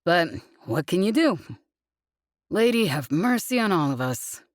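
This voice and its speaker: A woman's voice: lowish voice, very animated, unhurried, no room sound. A woman voicing a weary, wisecracking female demolition crew leader in an audiobook. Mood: wry. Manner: dry, joking about bureaucracy.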